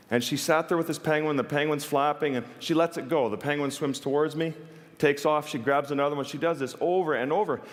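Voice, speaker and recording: A man giving a stage talk, telling a personal story in an earnest, vivid way with wry humor. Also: on the high side. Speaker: wildlife photographer giving a talk. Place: stage in a large hall. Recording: long reverb of a large hall.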